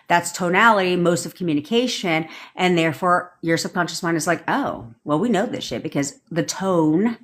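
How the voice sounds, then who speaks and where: A woman's voice: on the low side, a bit bright. A woman manifestation coach on a live stream, ranting bluntly and swearing casually while answering viewers' comments.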